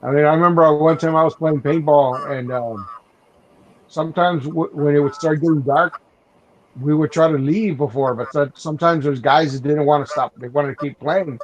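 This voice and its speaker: A man's voice: a little high, steady tone, normal speed. Rambling man on lo-fi audio. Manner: rambling storyteller, many restarts and "you know". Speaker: podcast host. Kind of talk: casual chat. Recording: dull lo-fi sound.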